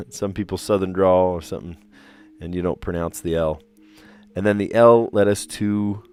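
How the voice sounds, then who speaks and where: Laid-back man chatting on a puzzle livestream. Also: low voice. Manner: relaxed, chatty, many fillers, laughs often. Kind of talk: casual livestream chat.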